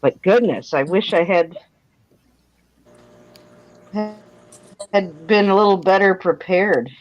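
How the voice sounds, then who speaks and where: On a livestream, a woman artist chats casually in a folksy, self-deprecating manner. Her voice is medium in pitch and slow, captured in dry, dull lo-fi stream audio.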